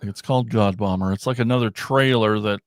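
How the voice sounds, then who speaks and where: A man hosting a podcast in casual chat, rambling and excitable, often trailing off and starting over. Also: on the low side, a little fast, no echo, studio quality. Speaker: podcast host.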